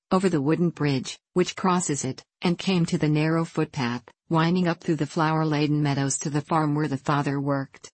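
Low-voiced woman narrating a storybook. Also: dry recording. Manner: calm, measured reading. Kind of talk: audiobook narration.

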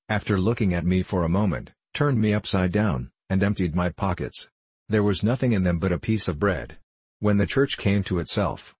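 A man narrating a classic novel as an audiobook, reading in a measured, deliberate way. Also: sits low, breathy edge, dry recording.

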